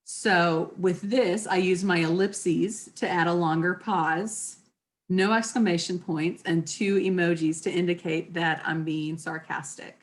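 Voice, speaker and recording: A woman's voice: fairly low pitch, steady tone, measured pace. A woman leading a class, teaching in a casual, chatty way and acting out sample phrases in different tones of voice. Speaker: class leader. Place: class session with participants.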